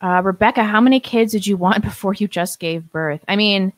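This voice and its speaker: A woman co-hosting a live stream, telling her story in a casual, animated way, acting out what people said and laughing often. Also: medium pitch, fairly quick, dry recording.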